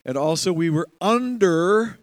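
Animated preaching man with a dry sound. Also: high-pitched, unhurried, dry recording. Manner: animated, acts out quoted voices, laughs often. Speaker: pastor. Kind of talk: sermon.

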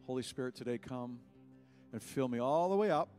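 A man preaching a sermon as pastor in a church, impassioned, swinging between loud cries and hushed words. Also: medium pitch, expressive, fairly quick, soft background music.

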